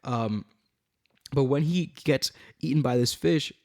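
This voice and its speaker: A man teaching scripture with animated emphasis, moving between dramatic reading and casual chat. His voice sits at a middle pitch and the recording is close and dry, with no room sound. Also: slow, no echo. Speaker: bible teacher.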